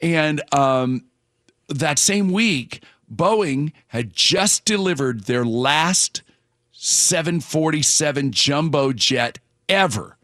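A man's voice: on the high side, animated, slow, fairly bright tone, no room sound, clean studio sound. Chatty rambling male radio host. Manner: chatty, rambling, with fillers and restarts. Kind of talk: casual morning radio chat. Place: radio studio.

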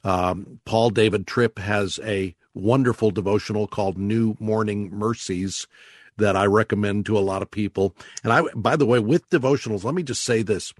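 A man hosting a call-in radio show, talking callers through ideas and slowing down to stress words as he teaches. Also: lowish voice, dry recording, studio quality. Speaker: radio host.

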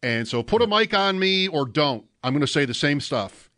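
A man's voice: fairly high pitch, lively intonation, moderate pace, sharp tone, dry recording. A man co-hosting a sports talk show, talking in a thoughtful, musing way. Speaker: sports radio co-host.

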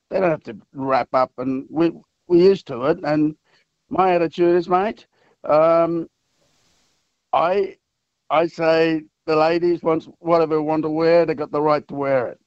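Man, middle-aged, mayor guest, halting relaxed speech, slightly high voice, muffled dry line. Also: no echo. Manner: relaxed, halting, laughs easily. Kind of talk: casual radio chat.

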